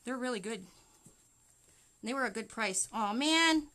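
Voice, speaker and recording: Canadian woman hosting a crafting livestream, bright and chatty, a touch of faint background noise. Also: fairly high pitch, normal speed. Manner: chatty, talks to viewers while working. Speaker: wreath-making livestream host. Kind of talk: casual live crafting tutorial.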